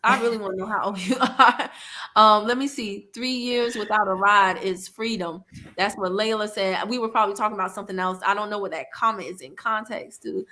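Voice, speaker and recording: A woman hosting a casual livestream chat, animated and laughing, reading viewer comments aloud. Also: medium pitch, a little fast, slight background noise. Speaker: livestream host.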